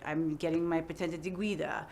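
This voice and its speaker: A middle-aged woman talks freely in an interview, her voice sitting on the lower side. She rambles in an animated way, leaning on "like" and quick asides. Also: a little hiss or hum. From United States. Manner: chatty, animated, many "like" fillers. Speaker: actress interviewee. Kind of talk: casual interview chat.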